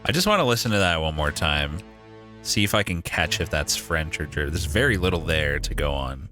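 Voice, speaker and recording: A man's voice: very deep voice, very animated, a little fast, bright, forceful tone, faint music behind. A man streaming a game live, thinking aloud with casual swearing and frequent laughs. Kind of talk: live gameplay commentary.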